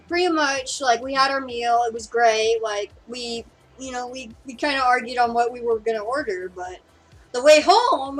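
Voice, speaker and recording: A woman's voice: a little high, poor audio. A young woman from Seattle chatting casually, rambling with lots of fillers and swearing. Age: young adult. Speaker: podcast co-host. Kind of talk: casual chat.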